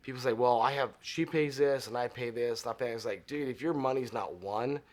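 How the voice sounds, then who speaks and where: A man's voice: medium pitch, brisk. Middle-aged male interview guest, chatty storyteller, mid-range voice, does voices for the people in his stories. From Arizona. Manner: animated storyteller acting out dialogue.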